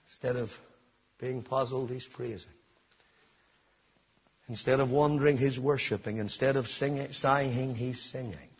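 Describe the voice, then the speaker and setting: A man preaching a sermon, swinging between soft, intimate appeals and loud, shouted climaxes. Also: medium pitch, steady tone, unhurried, long pauses, breathy edge, highs cut off.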